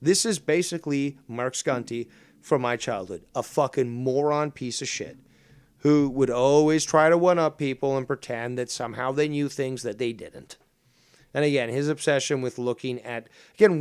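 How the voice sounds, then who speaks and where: A man's voice: medium pitch, dry recording. A man hosting a call-in stream, ranting in an angry, mocking way with a lot of swearing. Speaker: stream host. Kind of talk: ranting livestream commentary.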